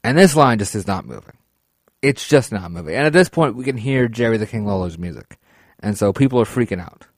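A man's voice: lowish voice, lively intonation, a little fast, no echo, clean studio sound. Rambling profane man telling a story. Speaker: podcast host. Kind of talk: casual storytelling.

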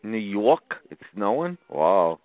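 Brash, low-voiced man on a phone line. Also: big pitch swings, takes it slowly, no room sound. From Boston. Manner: brash, taunting, laughing. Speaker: caller. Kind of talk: trolling phone chat.

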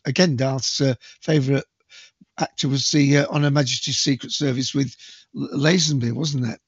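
A man's voice: mid-range voice, fairly even intonation, normal speed, husky, no echo, highs cut off. A man co-hosting a podcast, chatting casually in a rambling, hesitant way with many fillers. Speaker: podcast co-host. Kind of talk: casual chat.

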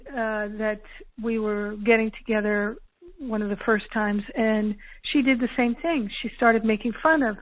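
Earnest woman storyteller on phone-like audio. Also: on the high side. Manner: calm, earnest, acts out quoted dialogue. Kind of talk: reflective personal storytelling.

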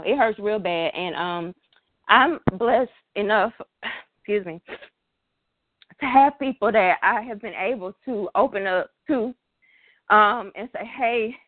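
A woman turning thirty, speaking emotionally and haltingly with many fillers, close to tears. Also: mid-range voice, no echo, phone-quality sound. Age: 20s. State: tearful, emotional. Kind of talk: emotional personal talk.

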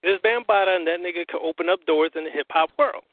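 A man, a guest on a call-in interview, telling his story in an animated, profane way and acting out what others said. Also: sits high, fast talker. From US Northeast. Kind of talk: casual phone interview. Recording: tinny phone line.

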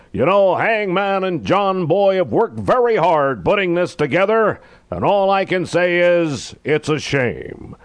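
A man's voice: high voice, no room sound. A man doing a solemn veteran newsman in a dry promo. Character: impression of a grave veteran male newsman. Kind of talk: radio station promo.

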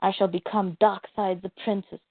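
A woman's voice: medium pitch, level tone, normal speed, no room sound, lightly acted. A woman doing an arrogant rogue young superhero. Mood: menacing. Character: arrogant mind-controlled young male superhero brother. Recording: tinny phone-like dry sound.

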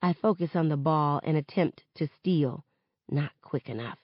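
A woman reading a novel aloud in the first person, with expressive narration. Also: low voice, measured pace, no room sound, lo-fi sound. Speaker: reader of a novel. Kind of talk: audiobook-style novel reading.

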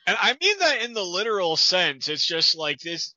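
A man's voice: high voice, very animated, normal speed, bright, forceful tone, no echo, dull audio. A man co-hosting a comedic fan-story reading, riffing on the text in a sarcastic, incredulous way.

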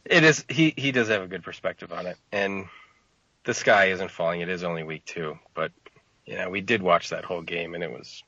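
A man's voice: low-pitched, brisk, bright, forceful tone, breathy edge, dry recording. A man co-hosting a casual sports podcast, rambling and hesitant with frequent restarts. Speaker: podcast co-host. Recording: dull lo-fi, dry sound.

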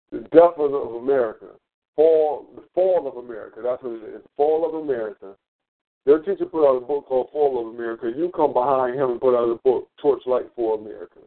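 A man calls in and talks loosely, swearing freely and stopping to search for words mid-sentence. His voice sits at an ordinary pitch and comes through a thin, tinny phone line. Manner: rambling, profane, searching for words. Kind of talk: casual radio talk.

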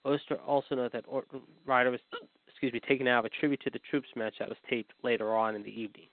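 A man's voice: medium pitch, steady tone, quick pace, dry recording. Rambling man reading news over a phone. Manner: rambling, repeats "however" and "apparently". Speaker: podcast co-host. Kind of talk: reading wrestling news aloud. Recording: dry, phone-like line.

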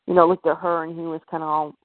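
A woman's voice: low voice, flat delivery, fast talker, no room sound. A woman as a podcast guest, telling a personal story in a hesitant way, full of fillers and restarts. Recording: tinny phone-like line.

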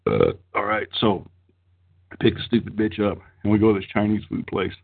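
A middle-aged man spins a long, crude yarn, swearing constantly. His voice is husky and a little rough. It sounds thin and boxy, as if heard over a phone line. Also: fairly low pitch, very animated, normal speed. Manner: profane, rambling, laughs mid-story. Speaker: storyteller on a podcast. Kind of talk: crude casual storytelling.

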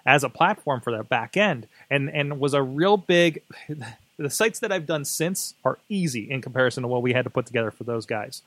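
A man's voice: medium pitch, expressive, moderate pace, fairly bright tone, dry recording. A man hosting his own podcast, talking casually in a rambling way with many fillers and restarts. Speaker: podcast host. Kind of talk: casual solo monologue.

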